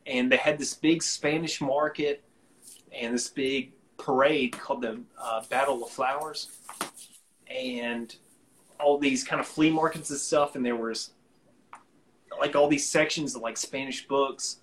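A man with a soft Alabama drawl tells a casual story on a live stream. He is relaxed and rambling, with plenty of ums and restarts. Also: medium pitch, measured pace, slight background noise, rough recording. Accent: Alabama Southern US. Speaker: guest musician.

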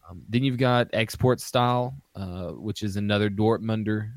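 A male podcast co-host with a fairly low voice walks through beer styles at a normal speed in casual conversation. He sounds hesitant, with lots of ums and restarts, and there's no room sound.

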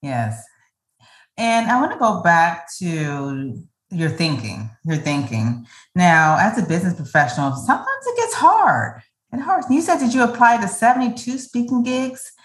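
A woman hosts a podcast interview, her pitch moving freely up and down. She builds long, encouraging questions. The sound carries noticeable echo from the room. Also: sing-song, a little slow. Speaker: podcast host. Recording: echoey room.

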